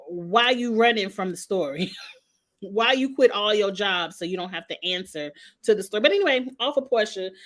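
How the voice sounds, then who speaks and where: A woman's voice: medium pitch, a bit bright. A woman, hosting a casual reality TV recap and gossiping with sass. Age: 40s. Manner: gossipy, sassy, talks straight to the people she discusses.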